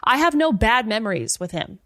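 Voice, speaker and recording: A woman's voice: on the high side, fairly quick, no room sound, clean studio sound. A woman guest in a casual chat, telling a story with lots of "like" and acting out what people said. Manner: animated storyteller, acts out quoted dialogue, fills with "like".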